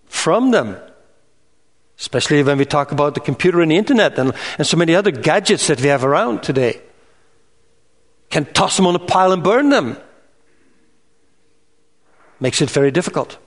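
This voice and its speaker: A man preaching a sermon in an earnest, measured way, rising in pitch on emphatic lists. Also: big pitch swings. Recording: reverberant hall sound.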